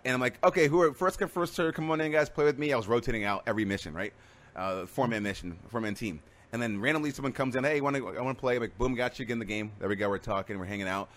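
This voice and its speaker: Fast-talking man telling stories. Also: mid-range voice. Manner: rambling, animated storytelling with many restarts. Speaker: streamer. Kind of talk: casual chat.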